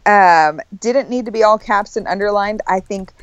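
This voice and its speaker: A woman's voice: mid-range voice, unhurried, no room sound. A woman co-hosting an education podcast, chatting in an upbeat, playful way. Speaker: podcast co-host. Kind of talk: casual chat. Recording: dull dry sound.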